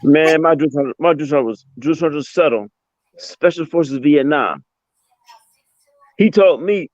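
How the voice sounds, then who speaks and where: A man's voice: on the high side, lively intonation, unhurried, pauses often, darkish tone, no echo, lo-fi sound. A man in casual chat, telling jokey army stories and laughing often.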